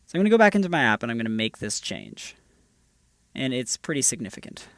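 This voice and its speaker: A man's voice: mid-range voice, very animated, fast, vocal fry, fairly bright tone, no room sound, studio quality. A man presenting a screencast tutorial, walking through each step in an upbeat, casual way. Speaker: developer advocate presenting a tutorial.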